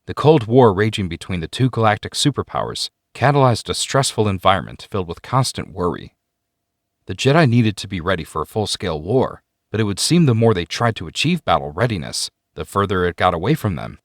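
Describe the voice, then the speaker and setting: A man giving a measured, scripted narration of a sci-fi story. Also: low voice, dry recording, studio quality. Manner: measured storytelling with expressive ups and downs.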